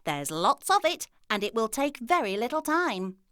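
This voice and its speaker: A woman's voice: a little high, sing-song, moderate pace, fairly bright tone, dry recording, clean studio sound. A woman voicing a carefree, lazy male little pig from a storybook, sounding breezy and sure of himself.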